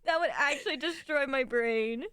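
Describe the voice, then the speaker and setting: High-voiced teasing woman, German native. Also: normal speed, sharp tone, no room sound. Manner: teasing, laughs a lot. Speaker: streamer. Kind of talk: casual stream chat.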